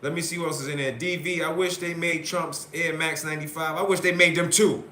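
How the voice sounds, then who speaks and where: A male host giving excited live election-night commentary, repeatedly reading out vote counts. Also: a little high, brisk, reverberant, a little hiss or hum.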